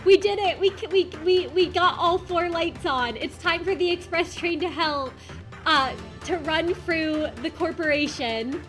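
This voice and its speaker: A woman VTuber streamer chatting casually on a live stream, gushing and excitedly thanking her chat. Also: very high voice, unhurried, soft background music.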